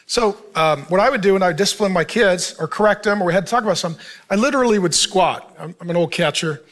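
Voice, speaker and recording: A middle-aged pastor with a fairly high voice, preaching in a relaxed, conversational way. He throws questions out to the audience and slips into short acted lines of dialogue as he talks. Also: quick pace. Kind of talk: sermon.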